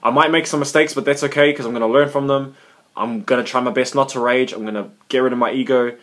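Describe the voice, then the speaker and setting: Fast-talking animated young man vlogging. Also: medium pitch. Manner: animated, swearing, acts out quoted reactions. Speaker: gaming coach and video creator. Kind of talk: casual vlog monologue with advice.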